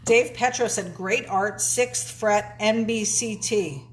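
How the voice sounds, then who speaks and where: A woman's voice: medium pitch, slow pace, a little hiss or hum. A woman co-hosting a live stream, chatting casually and reading viewer comments aloud. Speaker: co-host reading live chat.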